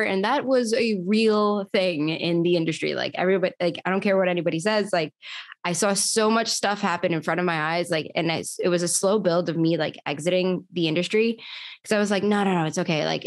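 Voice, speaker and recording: Speaking at a fairly quick clip in medium pitch, with no room sound, a young adult woman from New York tells her story casually in a podcast interview. She's chatty and leans heavily on "like" as a filler.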